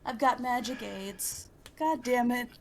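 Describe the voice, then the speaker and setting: Slow, hesitant woman player. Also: fairly high pitch, slight background noise. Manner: hesitant, self-questioning. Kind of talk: casual tabletop play.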